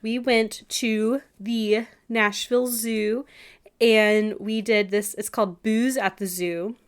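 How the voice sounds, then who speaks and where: A woman's voice: on the high side, steady tone, slow, clear, resonant tone. A woman in her thirties co-hosting a podcast, telling casual stories with lots of filler words. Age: 30s. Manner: chatty storyteller, lots of "like" fillers. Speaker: podcast co-host. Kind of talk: casual chat.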